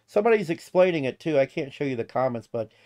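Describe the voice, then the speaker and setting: A man's voice: medium pitch, expressive, fast talker, a little mellow. A man from the United States giving casual reaction commentary, profane and mocking, rambling as he goes. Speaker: reaction video host.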